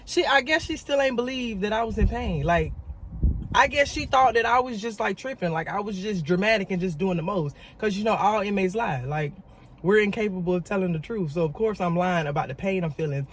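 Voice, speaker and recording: A woman telling a story in a casual vlog, emphatic and animated, talking straight to her viewers and repeating words for emphasis. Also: medium pitch, brisk, a little hiss or hum. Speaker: vlogger.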